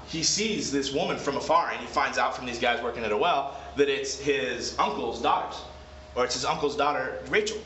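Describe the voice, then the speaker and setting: A man's voice: mid-range voice, bright, forceful tone, slight background noise. Chatty man teaching a Bible lesson. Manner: chatty, digressive, self-correcting. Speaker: Bible study leader. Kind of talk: casual Bible lesson retelling. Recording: echoey room, slightly dull.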